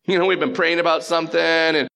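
A pastor preaching a sermon, telling a story in an animated way and slipping into quick voices. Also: male voice, on the high side, creaky.

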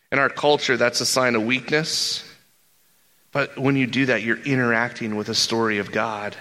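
A male pastor preaching and telling stories, animated, rising in pitch for emphasis and repeating words as he builds a point. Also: normal speed. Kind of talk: sermon with storytelling.

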